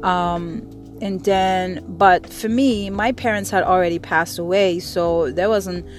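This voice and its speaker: A woman's voice: fairly low pitch, steady tone, takes it slowly, faint music behind. A middle-aged woman from the Caribbean hosting a show and delivering an angry, profane monologue that pounds her points through repetition. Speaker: podcast host. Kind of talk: impassioned monologue.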